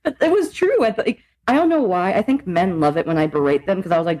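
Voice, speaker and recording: Animated, swearing young woman co-host. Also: fairly low pitch, fast, rough recording. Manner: animated, swearing, laughs often. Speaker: podcast co-host. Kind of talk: casual chat.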